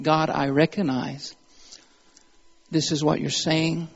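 Gravelly-voiced male preacher. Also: fairly high pitch, slow, big-room sound, lo-fi sound. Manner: builds from calm storytelling to impassioned, climbing exhortation. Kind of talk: sermon. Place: church.

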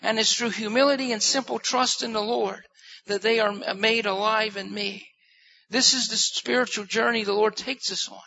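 A man's voice: high voice, steady tone, normal speed, vocal fry, sharp tone. A man preaching a sermon in an earnest way, repeating phrases for emphasis. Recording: muffled lo-fi recording.

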